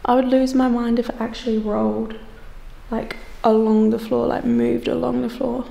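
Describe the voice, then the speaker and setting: Gravelly-voiced woman vlogging in hushed tones. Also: a little high, little pitch movement, normal speed. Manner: hushed, chatty, speaks to spirits. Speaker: ghost-hunting vlogger. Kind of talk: casual vlog narration. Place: inside an old hospital room.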